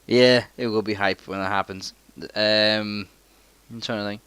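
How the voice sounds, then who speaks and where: A man's voice: on the low side, steady tone, a little slow, fairly bright tone, clean tone, no room sound. A young man co-hosting a casual gaming podcast, laid-back and swearing freely as he chats. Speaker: podcast co-host. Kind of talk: casual chat.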